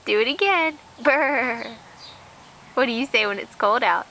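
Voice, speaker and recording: A woman's voice: on the high side, animated, fast talker, vocal fry, sharp tone. A woman filming her toddler outdoors at home, coaxing her with playful, laughing questions in sing-song baby talk on a home video camera.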